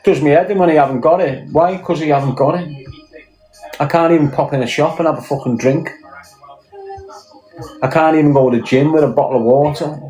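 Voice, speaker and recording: A man's voice: fairly high pitch, steady tone, a little fast, pauses often, warm tone, soft background music, low-quality recording. A Scouse man talking bluntly in casual chat, swearing often and firing off rhetorical questions. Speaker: podcast guest.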